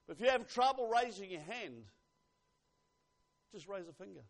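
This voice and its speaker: A man preaching a sermon, swinging from hushed asides to loud exclamations and reading scripture slowly with emphasis. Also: sits high, animated.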